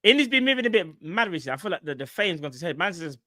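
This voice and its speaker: A man's voice: high voice, racing, dry recording, studio quality. A man co-hosting a casual football live stream, bantering with slang. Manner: animated banter, London slang.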